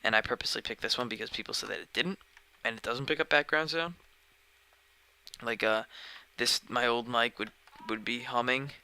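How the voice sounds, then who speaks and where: A man's voice: medium pitch, normal speed, bright, forceful tone, slight background noise, poor audio. A man live-streaming a game, chatting casually and rambling, often sidetracked mid-sentence, recorded at home on a dedicated microphone. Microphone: dedicated desk microphone.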